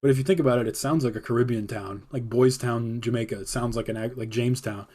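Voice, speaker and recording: A man's voice: medium pitch, fairly even intonation, fast talker, warm tone. A man hosting his own podcast, telling a personal story in a casual, rambling way, full of fillers and laughing often. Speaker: podcast host.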